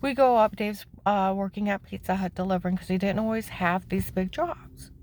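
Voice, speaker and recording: A woman telling the story of her own life in plain words, emphatic and indignant, her voice climbing high when she is upset. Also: steady tone, moderate pace, darkish tone, a little hiss or hum. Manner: plain-spoken, with frequent "okay?" asides. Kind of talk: personal testimony, candid storytelling.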